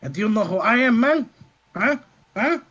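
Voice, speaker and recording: A man playing a slick, cocky hustler with a high, easygoing drawl, tossing in "man" all the time. The sound is dull and lo-fi. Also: lively intonation, normal speed, a bit bright, full character voice. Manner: laid-back, tosses in "man" constantly.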